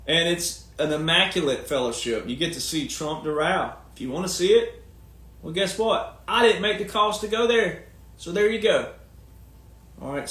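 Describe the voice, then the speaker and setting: A man's voice: sits high, fairly bright tone, echoey room. A man talking in a long, casual monologue, folksy and emphatic, firing off rhetorical questions. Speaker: commentator and speaker.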